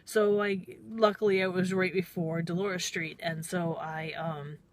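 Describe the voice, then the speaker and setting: Middle-aged lady cab driver rambling through a story, somewhat low voice, lots of "i'm all". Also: steady tone, a little slow. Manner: chatty and rambling, quoting herself with "I'm all". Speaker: taxi driver. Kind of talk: casual storytelling vlog.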